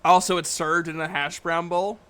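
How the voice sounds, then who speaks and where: A man's voice: fairly high pitch, little pitch movement, moderate pace, fairly bright tone, clean tone. A man running a tabletop game as dungeon master, joking and laughing often in casual chat.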